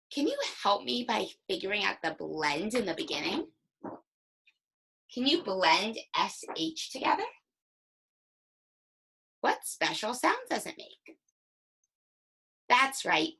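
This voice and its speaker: A young woman talks a class of small children through a reading lesson, taking her time and sounding out each word. Her pitch swings up and down all the time. There is a gravelly, husky edge to her voice. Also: rough recording. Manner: slow, animated, sounds out words. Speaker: teacher.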